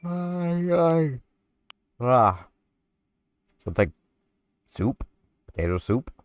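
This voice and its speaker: A man casually rambling while commenting on his gameplay, his voice hoarse and not yet warmed up. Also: mid-range voice, big pitch swings, extremely slow. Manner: rambling, chatty, self-deprecating. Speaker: gaming video host. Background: game music.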